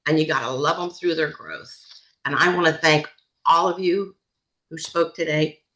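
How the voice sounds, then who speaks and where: A woman's voice: deep voice, moderate pace, low-quality recording. A woman leading a team video call, speaking emphatically and repeating her points to motivate. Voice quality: animated, emphatic, repeats phrases. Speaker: team leader hosting a call.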